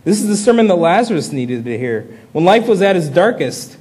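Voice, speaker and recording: A man's voice: high-pitched, sing-song, a little fast, a little mellow, husky. A man preaching an earnest sermon that rises into impassioned pleas.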